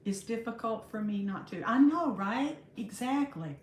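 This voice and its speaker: A woman, hosting a casual livestream, chatting warmly with viewers and calling them honey. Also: on the high side, animated, normal speed, a little hiss or hum. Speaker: livestream host. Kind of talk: casual live chat greeting viewers. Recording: roomy echo.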